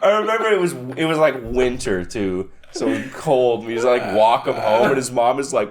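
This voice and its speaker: A man co-hosting a podcast in casual chat, an animated storyteller who acts out quotes with loud outbursts. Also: mid-range voice, normal speed, few pauses, over a noisy crowd. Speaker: podcast co-host.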